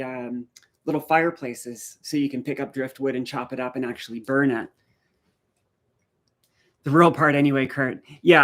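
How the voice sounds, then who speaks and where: A man's voice: mid-range voice, a bit bright. A man from rural eastern Canada hosting a live stream in casual chat, telling stories and answering viewer comments. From rural east coast of Canada.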